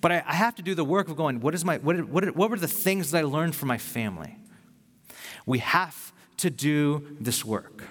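A man preaching a sermon as pastor, earnest and conversational, acting out quick asides as he talks. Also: fairly high pitch, lively intonation, a bit bright, slightly rough, long reverb tail.

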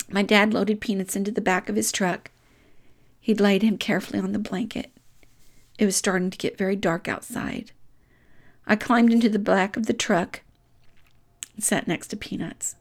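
A woman's voice: mid-range voice, creaky. A woman telling a personal story from her childhood, emotional and often dropping to a whisper.

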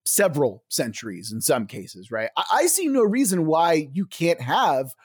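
A man's voice: fairly high pitch, huge pitch swings, moderate pace, slightly rough. A man brainstorming a game setting in casual chat, enthusiastic and full of fillers, swearing now and then.

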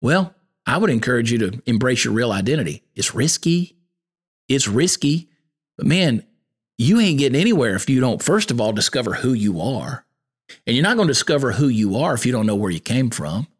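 A man hosts a podcast in a folksy, sermon-like monologue. His pitch swings widely as he drives home his points, rising and falling with earnest conviction. His delivery is plainspoken and preacherly. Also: very animated, a little fast, slightly rough. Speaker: podcast host.

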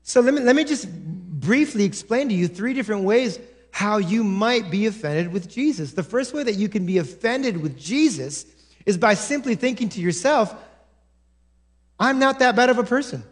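A male pastor preaching a sermon in church, animated, acting out quoted voices with many restarts. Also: high voice, normal speed.

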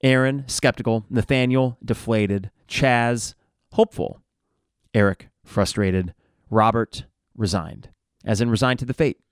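A man's voice: medium pitch, unhurried, clean tone, dry recording, clean studio sound. A middle-aged man hosting a sports podcast, casually reading listener replies aloud with wry asides. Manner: wry, conversational, reads out comments one after another.

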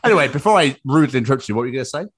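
A man's voice: mid-range voice, lively intonation, very fast, fairly bright tone, husky. A man co-hosting a podcast, chatting casually, rambling off on tangents and giggling. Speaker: podcast co-host. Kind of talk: casual chat.

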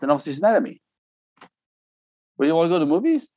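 A man's voice: on the high side, very animated, fairly quick, long pauses, darkish tone, dry recording. A middle-aged man talking casually and telling stories, laughing often and mimicking other voices. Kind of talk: casual podcast chat.

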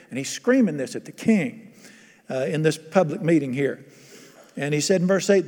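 A man's voice: a little high, animated, brisk, darkish tone, big-room sound. A man preaching a sermon to a congregation, conversational and often quizzing his listeners. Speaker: pastor.

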